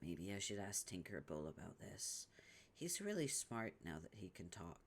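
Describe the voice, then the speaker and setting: A man's voice: medium pitch, expressive, slow, a little hiss or hum. A man voicing a meek, timid young troll boy who stammers and hesitates in a comic read-along. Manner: hesitant, stammering, soft-spoken.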